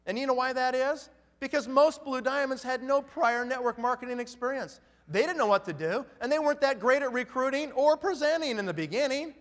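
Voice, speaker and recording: A man's voice: extremely high pitch, lively intonation, brisk, few pauses, a bit bright, long reverb tail. A man giving an emphatic motivational talk at a conference, firing off rhetorical questions. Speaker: motivational speaker.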